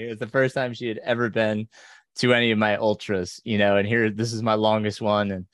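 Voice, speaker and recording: A man with a fairly low voice hosts a relaxed podcast interview, asking questions in an easy, conversational way. He laughs readily along with his guests, and his voice sounds dry and close, with no room around it. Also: fairly quick, dry recording. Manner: laughs often while listening. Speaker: podcast host. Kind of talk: casual interview chat.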